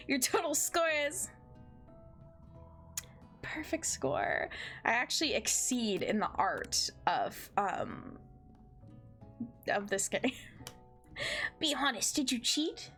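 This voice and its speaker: A giggly, excitable young woman streaming a dating game. She reads the narration and jokes in a fairly high voice, with faint music behind her. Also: measured pace. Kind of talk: game playthrough with narration and commentary.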